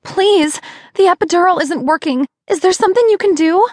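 A woman's voice: sits high, animated, unhurried, a little mellow, no echo, studio quality, pitched above the performer's own voice. A woman voicing an emotional young mother in labor, speaking in a strained, heartfelt way. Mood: pleading.

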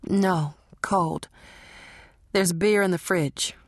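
Audiobook heroine, terse and worn out, read by a woman, lowish and slow. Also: dry recording, clean studio sound. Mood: weary. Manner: terse, tired, clipped replies. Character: weary grown woman, shaken from a nightmare.

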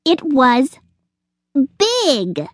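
A woman voicing a frantic, squeaky squirrel. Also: wildly swooping pitch, extremely slow, a bit bright, dry recording, clean studio sound, exaggerated voice. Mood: panicky. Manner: frantic, shrieking repeats. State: out of breath. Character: panicky jittery male squirrel.

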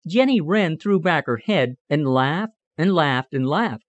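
A man narrating a children's animal storybook in a clear, measured storytelling manner. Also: on the high side, expressive, no echo, dull audio. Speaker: audiobook narrator.

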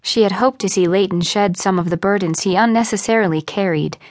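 A woman reads a novel aloud with expressive storytelling, her voice at a middle pitch. The recording is close and dry. She shifts her voice to play each character. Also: brisk, no echo. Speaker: audiobook narrator. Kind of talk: scripted narration.

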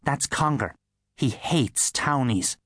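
A man's voice: mid-range voice, expressive, slow pace, a bit bright, slightly rough, dry recording, clean studio sound, exaggerated voice. A man with an Irish accent voicing a tough, teasing little country girl in an audiobook. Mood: sly. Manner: teasing, scornful.

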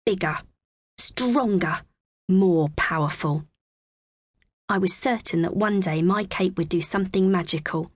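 A woman narrating a children's audiobook in the first person with a clear, expressive, measured reading. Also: lowish voice, no room sound, studio quality.

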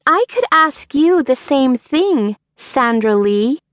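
A woman narrator voicing a brash, teasing young woman friend in a much higher, playful voice. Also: animated, slow, a bit bright, dry recording, clean studio sound, full character voice. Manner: playful, mocking.

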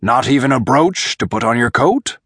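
A man voicing a disguised gray-haired peddler in an audiobook, whining as he hawks and low when alone. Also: expressive, normal speed, fairly bright tone, slightly rough, no echo, studio quality. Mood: wheedling. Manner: whining as a hawker, then low and grim. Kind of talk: audiobook character voice.

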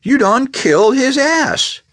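A man's voice: mid-range voice, huge pitch swings, measured pace, fairly bright tone, dry recording, studio quality, voice pushed up, heavily acted. A man narrating an audiobook voices a small, flashy male gangster who taunts his victim in street slang. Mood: shrieking. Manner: street slang, mocking menace.

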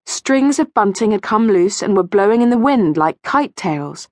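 A woman narrating a children's audiobook with expressive storytelling, recorded in a studio. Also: medium pitch, moderate pace, no echo. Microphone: studio mic.

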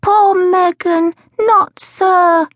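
Woman reading as small earnest boy, very high voice, slow and deliberate, dry close sound. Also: expressive, no room sound. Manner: slow, high childlike pleading.

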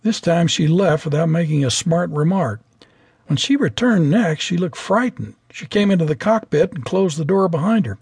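A male audiobook narrator reading a memoir in a lively storytelling manner. His husky voice sits high and swings widely in pitch. The studio recording is very dry and close. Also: moderate pace, dry recording.

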